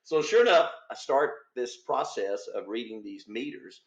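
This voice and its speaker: A man's voice: mid-range voice, moderate pace. An older man, a retired police officer, telling a story in an interview, acting out the voices of the people in it. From Texas. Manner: animated storyteller, acts out voices. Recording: roomy, slightly dull sound.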